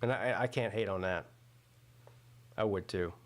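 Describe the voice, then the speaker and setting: On the low side and measured in pace, a man's voice carries a live football watch-party stream he's hosting. He keeps it casual, chatting loosely and thinking aloud amid frequent fillers and restarts.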